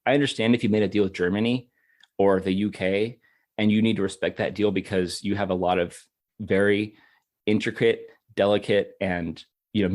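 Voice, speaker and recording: A man co-hosting a podcast, emphatic and frustrated, emotional and stumbling over repeated words as he argues politics. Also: lowish voice. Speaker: podcast co-host. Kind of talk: heated political discussion.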